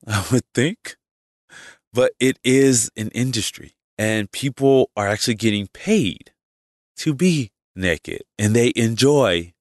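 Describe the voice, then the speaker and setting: Male podcast host, very low pitch, dry room, loose chatty monologue full of restarts. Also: dry recording. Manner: rambling, with frequent restarts and asides. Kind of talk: casual opinion monologue.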